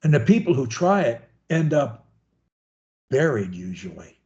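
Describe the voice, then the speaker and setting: A man's voice: medium pitch, sing-song, unhurried, darkish tone, highs cut off. A man coaching a student one-on-one over a video call, talking in a folksy, rambling, encouraging way. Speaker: speech coach.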